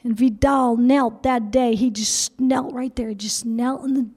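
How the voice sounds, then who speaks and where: High-voiced woman preaching with whispered dips. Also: steady tone, measured pace, darkish tone, slightly rough. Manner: emotional storytelling, stammered repetitions, dips into whispers. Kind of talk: sermon.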